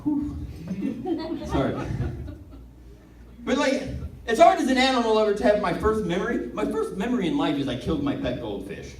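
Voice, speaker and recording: A male stand-up comedian doing a set, excitable and rambling, laughing at his own jokes. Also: high-pitched, moderate pace, long pauses. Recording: echoey room from far off.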